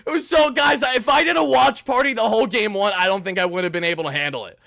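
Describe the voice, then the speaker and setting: A man hosting a sports fan livestream, giving loud and exuberant postgame commentary that circles back on the same phrases. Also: high voice, fast talker, creaky, dry recording.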